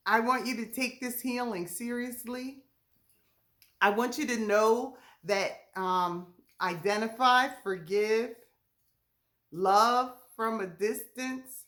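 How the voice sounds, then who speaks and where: A woman's voice: fairly high pitch, slow pace, a bit bright. A woman leading a ministry message, speaking in a heartfelt, emotional way and laughing through near-tears. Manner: heartfelt, laughing through tears, Southern-tinged casual speech. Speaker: ministry leader.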